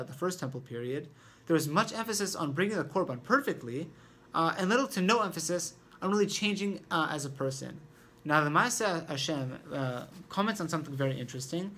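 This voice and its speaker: A man's voice: a little high, a bit bright. Man giving an informal Torah lesson. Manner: explanatory, thinks aloud while talking. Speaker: Torah teacher.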